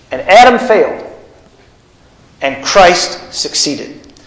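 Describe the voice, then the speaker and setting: A man's voice: fairly high pitch, echoey room, rough recording. A man preaching a teaching sermon, putting questions to his congregation. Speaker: pastor. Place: church.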